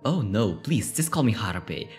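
A man voicing a gentle, motherly young woman in a game, speaking in a soft, low, reassuring elder-sister manner. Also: sing-song, unhurried, soft background music.

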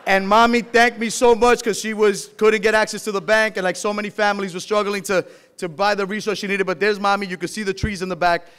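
A man from Puerto Rico speaking to a banquet crowd and introducing the governor, heartfelt and building to a rousing pitch. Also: flat delivery, quick pace, a bit bright, smooth. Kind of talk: public address at a dinner.

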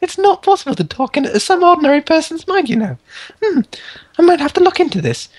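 A man's voice: very animated, quick pace, no room sound. A man voicing a confused, imprisoned woman drifts as he reads game text. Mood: urgent, pleading. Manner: falsetto that drifts in accent. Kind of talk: reading game dialogue aloud.

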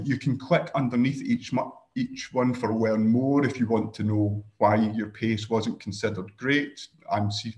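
A man with a Scottish accent giving a relaxed screen-share software tutorial over a video call, with dry joking asides and frequent ums. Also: medium pitch. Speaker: workshop presenter.

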